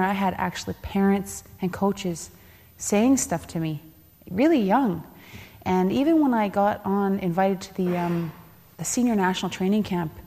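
A woman tells a personal story on a panel in a candid, animated way. Her voice sits a little low. The sound carries a long reverb from a large hall. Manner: candid, laughing, acts out quoted voices. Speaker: panelist, former elite athlete.

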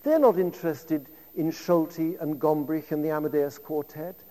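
A man's voice: a little high, fairly even intonation, moderate pace, dark tone, in a large hall. A man in his fifties giving a public lecture, telling anecdotes in a conversational way with asides to the audience.

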